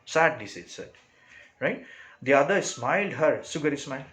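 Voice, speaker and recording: Indian English teacher, "right?" tag habit. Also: male voice, a little high, animated, moderate pace, a bit bright, low-quality recording. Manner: repeats "right?" and "okay" after nearly every phrase, with many "uh"s. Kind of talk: explaining a story to a class.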